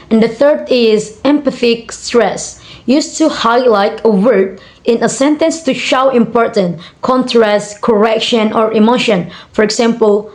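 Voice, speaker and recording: A young Indonesian woman with a slightly high voice reads her coursework answers aloud at an unhurried pace. She hesitates with frequent fillers and says each example word several times over. Her English has an Indonesian accent. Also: a little mellow. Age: young adult. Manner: hesitant, many fillers, repeats example words slowly. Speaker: student. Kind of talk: reading out assignment answers.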